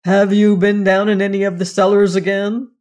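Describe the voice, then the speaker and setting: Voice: medium pitch, flat delivery, moderate pace, a little mellow, lightly acted. A storyteller voicing a stern, threatening master. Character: stern, harsh male master, grown man.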